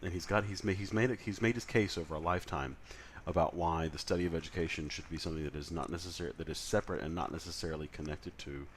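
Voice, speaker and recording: A man's voice: low voice, fairly even intonation, fast, hardly any pauses, slight background noise. A man lecturing in a conversational way, with frequent fillers and self-corrections. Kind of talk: recorded lecture.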